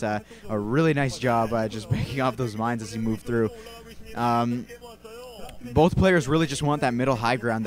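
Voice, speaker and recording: A young man casting a video game match in an easygoing, rambling way. He often backtracks and corrects himself mid-sentence. His voice sits at an ordinary middle pitch. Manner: rambling, relaxed, self-correcting. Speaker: amateur esports caster. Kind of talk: casual play-by-play game commentary.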